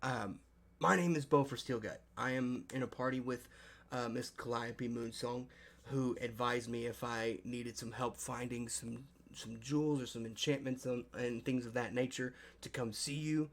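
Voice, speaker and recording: A man's voice: medium pitch, fairly even intonation, moderate pace, a bit bright, a little hiss or hum, natural voice. A man playing a flustered, overly polite male adventurer who rambles and apologizes. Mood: apologetic. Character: flustered, polite young male dwarf-ish smith.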